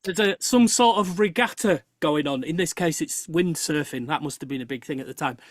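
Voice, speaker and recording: A host chatting on a live show, telling an animated story full of halting restarts. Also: mid-range voice, no echo. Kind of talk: casual chat on a live show.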